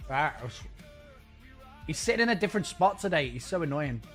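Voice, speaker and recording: A man's voice: fairly high pitch, big pitch swings, a little fast, faint music behind. A man streaming a game and chatting casually with his viewers in a rambling, self-mocking way.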